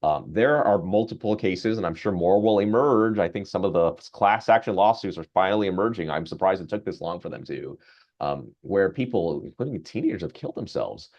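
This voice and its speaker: A man, a physician, giving a grand rounds lecture in a conversational, animated storytelling way. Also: sits low, brisk, lo-fi sound.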